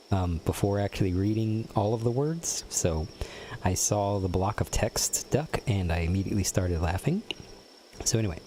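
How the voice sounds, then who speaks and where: Chatty low-voiced male streamer. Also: dark tone, a little hiss or hum. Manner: chatty, reads chat aloud and teases viewers. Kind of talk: casual gameplay commentary.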